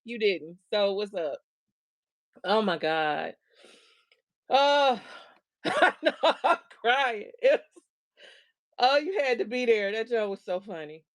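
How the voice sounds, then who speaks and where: Giggly middle-aged woman hosting, unhurried. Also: on the high side, expressive. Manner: laughs often while telling a funny story. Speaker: host. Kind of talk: casual storytelling chat.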